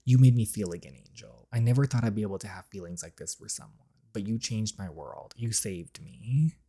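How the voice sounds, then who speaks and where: A man's voice: fast, close to an everyday voice. A man reading as a tender young lover. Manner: soft, low-volume, earnest reading. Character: young man, tender and earnest love interest. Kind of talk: game dialogue read aloud.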